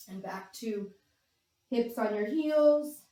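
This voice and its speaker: A woman with a slightly high voice guides young children through yoga poses at an unhurried pace. She is playful and encouraging, breaking into animal sounds. Her voice comes from a distance and rings in a very echoey room. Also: mellow. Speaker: kids yoga instructor. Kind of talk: guided kids yoga class.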